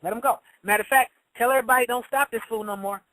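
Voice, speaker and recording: A woman plays a scornful judge who is sick of a case and mutters to get it thrown out. The voice is quiet and dismissive and comes through a dry, close recording with no room sound. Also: fairly high pitch, quick pace, dry recording, close to an everyday voice, poor audio. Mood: scheming. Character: impatient, dismissive judge eager to end court.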